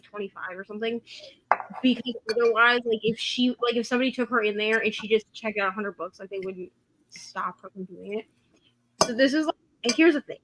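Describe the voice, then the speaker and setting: A woman's voice: on the high side, a bit bright, rough recording. A woman co-hosting a casual livestream, telling rambling stories full of "like". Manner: rambling anecdotes with many "like"s. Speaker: co-host.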